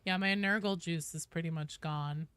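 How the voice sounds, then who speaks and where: Casting: young West Coast American woman, chatty gaming streamer, bright lively voice, dry close mic. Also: lowish voice, normal speed, clean tone, no echo. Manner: chatty, rambling with fillers, swears casually. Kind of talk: casual gaming livestream chat.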